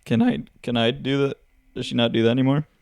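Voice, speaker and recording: A man's voice: mid-range voice, steady tone, a little mellow, smooth, no room sound, clean studio sound. A young man co-hosting a podcast in casual chat, agreeable and playful. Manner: agreeable, playful, quick to laugh along. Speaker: podcast co-host.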